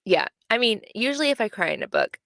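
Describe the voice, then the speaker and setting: A woman's voice: mid-range voice, wildly swooping pitch, fast talker, fairly bright tone, no room sound. A young adult woman co-hosting a book podcast, chatting casually and emphatically with lots of fillers. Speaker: podcast co-host.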